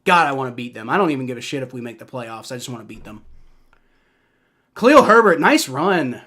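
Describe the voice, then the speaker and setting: A man's voice: mid-range voice, sing-song, brisk, sharp tone. A young man streaming live football reactions and play-by-play, heated and profane, ranting with many restarts.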